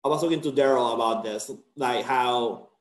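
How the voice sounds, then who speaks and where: A man leads a casual chemistry lecture, worn out at the end of the semester but still joking and checking whether his students follow. His voice sits at a middle pitch and bounces around an echoey classroom. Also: moderate pace. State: tired, end-of-semester burnout. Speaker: chemistry instructor.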